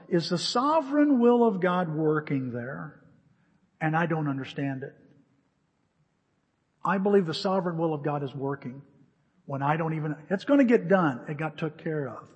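A man preaching in a church hall, his slightly high and husky voice carrying a long reverb. He tells a story animatedly, acting out both sides of the phone calls. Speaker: pastor. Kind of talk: sermon.

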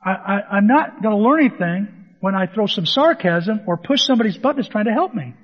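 Male pastor, high voice, animated storyteller, sermon in a hall with a long echo, dull sound. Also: a little fast. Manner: animated storytelling, acts out dialogue.

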